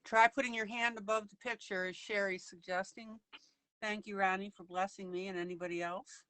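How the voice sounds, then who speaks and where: A woman's voice: mid-range voice, steady tone, moderate pace, a bit bright, no echo. A woman hosting a live coloring broadcast, narrating each step of her coloring as she goes.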